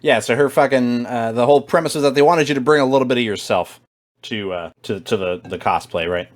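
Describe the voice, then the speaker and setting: A man's voice: mid-range voice, a little fast. Laid-back man rambling through a podcast chat. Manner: rambling, crude joking, laughs often. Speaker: podcast co-host. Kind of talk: casual chat. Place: home, talking over an online voice call.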